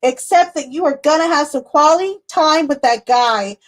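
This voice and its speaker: A high-voiced woman reading tarot cards live for her viewers. She rambles in a loose, chatty way, laughing often and letting the odd swear slip. The tone stays casual and personal throughout. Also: normal speed. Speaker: tarot reader. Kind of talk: casual livestream chat.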